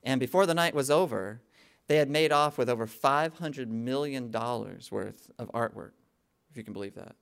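A middle-aged male pastor preaches a sermon conversationally, his mid-range voice smooth with some vocal fry at a moderate pace. He checks in with the congregation often with "okay?" and builds to emphatic peaks.

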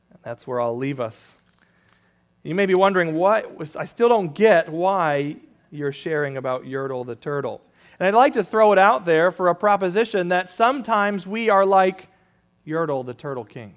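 A man's voice: sits high, expressive, moderate pace. A man preaching a sermon, reading a rhyming children's story aloud before turning to conversational teaching. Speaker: pastor.

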